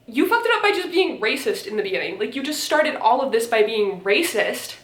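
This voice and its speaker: A young woman giving animated, sarcastic comedic commentary as a content creator, often exasperated. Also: a little high, brisk. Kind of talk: comedic commentary on dating app messages. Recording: roomy echo.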